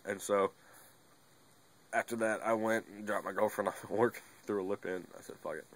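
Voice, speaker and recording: A man's voice: on the low side, level tone, normal speed, fairly bright tone. A young man talking casually to his camera, rambling and laid-back, with lots of fillers and the odd curse word. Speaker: vlogger. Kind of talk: casual monologue.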